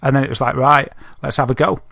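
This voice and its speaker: Guy on a podcast, bright dry voice, lively storyteller, laughs a lot. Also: medium pitch, fast talker, gravelly, no room sound. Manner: animated storyteller who laughs often. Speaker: podcast co-host. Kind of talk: casual chat, telling an anecdote.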